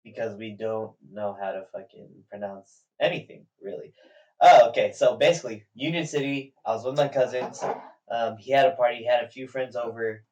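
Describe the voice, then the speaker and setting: A man's voice: mid-range voice, fairly quick, a little mellow. A man on a casual podcast telling a story in a laid-back, hesitant way with many ums. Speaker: podcast co-host. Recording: distant mic, dull lo-fi sound.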